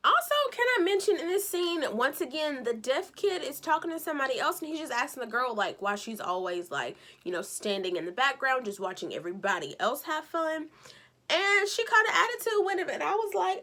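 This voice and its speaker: Bright, sassy woman recapping a show. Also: a little high, a little fast. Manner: animated, sassy storytelling with acted-out quotes. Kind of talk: casual chatty episode recap.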